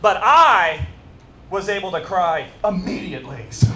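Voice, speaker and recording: A man in his fifties doing a stand-up set at a fundraiser, animated and self-mocking as he teases the audience. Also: high-pitched, measured pace, soft background music. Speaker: stand-up comedian. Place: stage at a fundraiser event. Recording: echoey room with crowd noise. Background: audience laughter.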